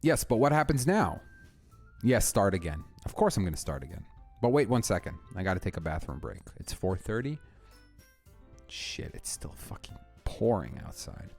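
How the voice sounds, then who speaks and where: A man's voice: lowish voice, big pitch swings, normal speed, a little mellow, soft background music. Wry, swearing male game streamer. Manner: wry, swears freely, jokes between dialogue. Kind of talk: casual live-stream commentary.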